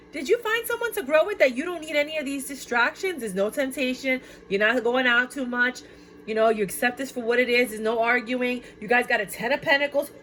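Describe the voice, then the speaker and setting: Woman tarot reader, casual and chatty, excitable and exclamatory. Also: a little high, a little hiss or hum. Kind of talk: casual tarot card reading.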